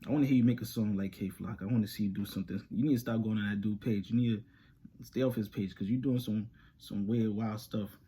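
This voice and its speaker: A young man, telling a story to camera in animated, slangy street talk and laughing often. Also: fairly low pitch, fast talker, breathy edge. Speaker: reaction channel host.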